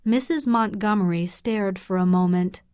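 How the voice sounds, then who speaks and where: A woman narrating a graded English learner audiobook in a slow, clear, measured way. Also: medium pitch, a little mellow, dry recording, clean studio sound.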